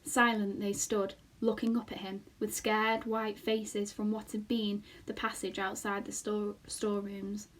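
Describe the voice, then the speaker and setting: A woman teacher reading a children's novel aloud in a slow, expressive storytelling manner. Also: medium pitch, poor audio.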